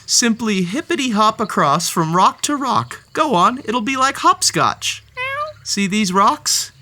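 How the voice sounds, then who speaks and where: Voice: mid-range voice, big pitch swings, takes it slowly, pushed and bright. Playful, wildly sing-song storybook narrator. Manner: playful, theatrical, talks directly to the story's cat. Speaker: storybook read-aloud host. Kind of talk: expressive children's story narration.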